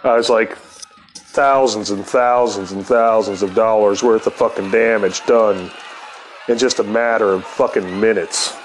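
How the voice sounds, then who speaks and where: A man's voice: lowish voice, steady tone, unhurried, a little hiss or hum, low-quality recording. A middle-aged man telling a rambling, profane anecdote and laughing often. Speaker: storyteller. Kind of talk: casual anecdote.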